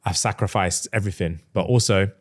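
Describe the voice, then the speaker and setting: A man on a casual podcast, retelling a story with lively acted-out voices for each character. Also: sits low. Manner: animated, acts out characters in quick changing voices. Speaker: podcast co-host.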